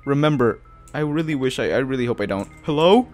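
A man's voice: mid-range voice, expressive, moderate pace, a little mellow, faint music behind. A man giving horror gameplay commentary as a YouTuber, jumpy and panicky, gasping, swearing and laughing nervously. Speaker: gaming YouTuber.

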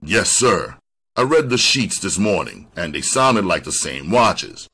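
A man's voice: low-pitched, sing-song, unhurried, creaky, sharp tone, slightly rough, heavily acted. A man voicing an eager, polite young male patrolman.

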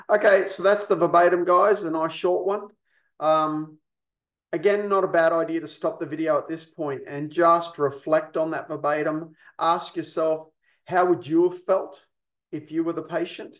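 A man gives a recorded training lesson on pastoral care, explaining patiently and posing rhetorical questions. His fairly high voice is steady and fairly bright at normal speed, captured in echoey, dull lo-fi sound.

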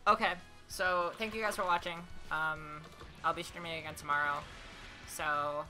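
A woman streaming a fighting game, talking to herself, swearing, and swinging from low mutters to excited yelling. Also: normal speed. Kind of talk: casual gameplay commentary. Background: game music.

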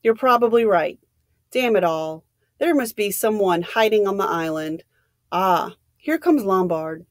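A woman's voice: mid-range voice, expressive, measured pace, no room sound, clean studio sound, close to an everyday voice. A woman reading as a doubtful, worried doctor. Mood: uneasy. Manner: hesitant, doubtful. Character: worried, doubtful middle-aged male doctor.

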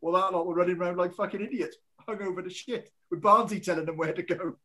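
A man who referees rugby, telling lively anecdotes in casual chat, acting out quotes. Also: high voice, quick pace. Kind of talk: casual storytelling.

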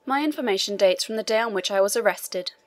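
A woman reads an elderly priest locked in a dungeon, earnest and persistent as he presses a visiting official. His voice sits at an ordinary middle pitch, plainly told in an audiobook style. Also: quick pace, lightly acted. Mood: pleading. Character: elderly imprisoned male Italian priest, eager, learned.

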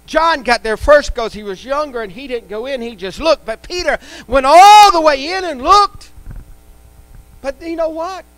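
High-voiced emphatic preacher man. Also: moderate pace, a bit bright, no echo, low-quality recording. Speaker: pastor. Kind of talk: live church sermon. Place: church sanctuary.

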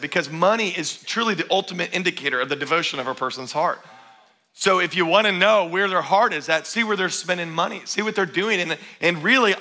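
Bright, high-voiced male pastor preaching. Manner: energetic, joking with the congregation. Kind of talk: sermon. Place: church before a congregation.

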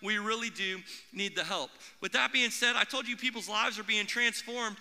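A young man preaching a sermon as pastor in a church, animated, acting out the voices he quotes. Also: high voice, normal speed. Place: church auditorium. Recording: long hall reverb.

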